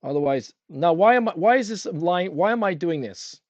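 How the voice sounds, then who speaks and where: A man's voice: high-pitched, animated, moderate pace, a little mellow, dry recording, highs cut off. Chatty male painting instructor. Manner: chatty, asks the viewers questions while painting; talks with a brush in his mouth at times. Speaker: art instructor. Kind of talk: livestream painting demo.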